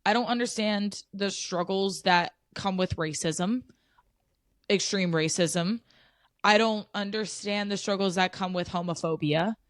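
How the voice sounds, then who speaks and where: A woman's voice: medium pitch, measured pace, dry recording, clean studio sound. A woman co-hosting a podcast, speaking earnestly and with passion in casual chat. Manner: earnest, impassioned, agrees often. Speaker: podcast co-host.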